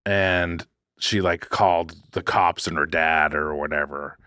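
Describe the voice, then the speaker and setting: Low-voiced man telling a rambling story. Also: steady tone, a little slow, sharp tone, dry recording, clean studio sound. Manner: rambling, self-correcting, jokey. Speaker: podcast co-host. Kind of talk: casual storytelling. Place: podcast studio.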